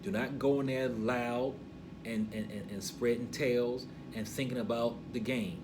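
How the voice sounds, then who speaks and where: An older man with a gray beard teaching a Torah portion, emphatic and preachy, dropping to a hush and then rising loud. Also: mid-range voice, fairly even intonation, measured pace, noisy background.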